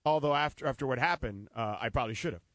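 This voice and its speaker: A man co-hosting a sports radio show, chatting casually, reading an ad and telling a story with lively acted-out bits. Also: medium pitch, fast, no room sound. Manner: animated storyteller, acts out scenes. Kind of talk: casual radio banter and live ad read. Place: radio studio.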